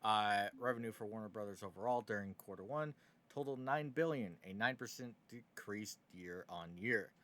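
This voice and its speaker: Bright-voiced man, sarcastic gaming talk. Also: lowish voice, moderate pace. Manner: sarcastic, opinionated, many fillers. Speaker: gaming news host. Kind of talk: casual news commentary.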